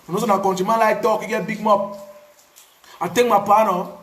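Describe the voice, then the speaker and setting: Cameroonian pidgin guy, highish voice, animated storytelling, kinda roomy sound. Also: a little fast. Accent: Cameroonian Pidgin English. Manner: animated, repetitive, pidgin phrasing. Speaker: activist. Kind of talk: casual personal storytelling.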